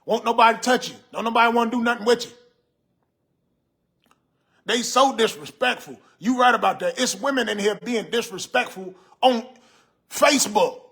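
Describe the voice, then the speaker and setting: Guy doing a sassy old uncle, husky and kinda high, fussing at the comments on a phone live. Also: moderate pace, long pauses, a bit bright, exaggerated voice. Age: 50s. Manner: sassy, scolding, laughing at viewers' comments. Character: gray-haired old-school uncle, 56, sassy. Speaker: livestream host reading comments. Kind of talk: comedic character livestream. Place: room in a house. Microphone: phone on a ring light.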